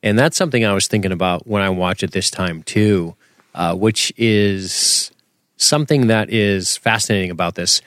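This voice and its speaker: A man co-hosting a podcast, chatting casually with dry jokes and a measured delivery. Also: lowish voice, a bit bright, no echo. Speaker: podcast co-host. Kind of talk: casual TV rewatch podcast chat.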